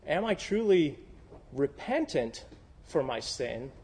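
A man's voice: on the high side, very animated, slow, darkish tone. A man preaching a sermon as a pastor, in a conversational, candid style with frequent fillers. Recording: long hall reverb.

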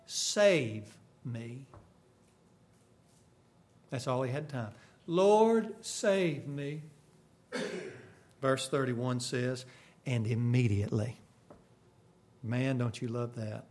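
A man preaching a sermon, swinging from sudden loud bursts to hushed, quiet lines. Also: medium pitch, lively intonation, very slow, long pauses.

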